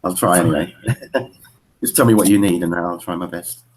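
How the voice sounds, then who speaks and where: A man's voice: low voice, steady tone, normal speed, a little hiss or hum. A man chatting eagerly on a video call, often restarting his sentences. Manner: enthusiastic, stumbling restarts. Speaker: caller on a live video stream. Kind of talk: casual chat.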